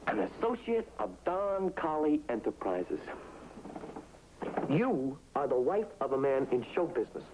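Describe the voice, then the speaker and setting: A man's voice: a little high, measured pace, gravelly, background noise, full character voice. An actor playing a man who was once a waiter, an eager, boastful dreamer who keeps coaxing and saying "I mean," in a 1960s TV drama. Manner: excited, wheedling, repeats "I mean". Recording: tinny old TV soundtrack.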